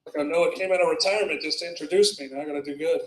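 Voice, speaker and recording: A man's voice: fairly high pitch, very fast. Rambling male stand-up in echoey club. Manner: loose, rambling, laughs at own jokes. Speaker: stand-up comedian. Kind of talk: stand-up set with crowd work. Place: small club with live audience.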